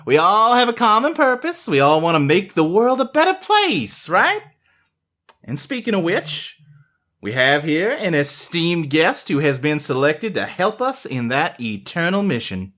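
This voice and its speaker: A man's voice: a little high, very animated, unhurried, pushed and bright, pitched above the performer's own voice, heavily acted. A man voicing a cheerful new head butler, a woman with an upbeat, sing-song manner. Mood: chipper.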